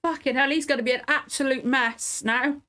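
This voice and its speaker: Tearful, sniffling woman reacting, slightly high voice. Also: fairly even intonation, fairly quick, sharp tone. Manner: emotional, swears often, rambling. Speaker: reaction video host. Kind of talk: casual reaction commentary.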